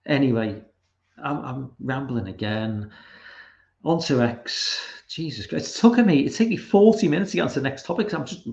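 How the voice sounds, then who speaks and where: Here's a young streamer going through his chat in a loose, profane rant full of restarts. His medium-pitched voice is creaky and darkish, a bit fast, with lively intonation. Audio is lo-fi, dull, and roomy.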